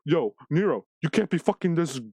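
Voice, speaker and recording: A man's voice: on the high side, expressive, moderate pace, warm tone, breathy edge, no echo, clean studio sound. A man voicing a scheming, bossy mother who talks in blunt slang.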